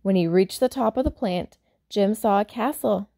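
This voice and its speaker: A woman reading a picture book aloud for children, pausing to explain words and point out pictures. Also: mid-range voice, vocal fry. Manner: warm, explaining asides to young listeners. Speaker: storyteller.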